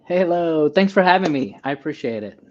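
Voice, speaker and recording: Animated man telling stories in an interview. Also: fairly high pitch, brisk, a little hiss or hum. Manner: animated storyteller, acts out quoted dialogue. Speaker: guest, emergency doctor. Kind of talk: casual interview storytelling. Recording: slightly dull lo-fi sound.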